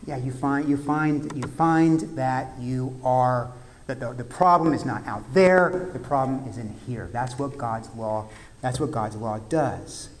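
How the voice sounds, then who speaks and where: A man's voice: medium pitch, a little slow, long reverb tail, low-quality recording. A man preaching a sermon in a conversational way, asking the congregation questions. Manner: conversational, asks the congregation questions, many fillers. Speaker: pastor.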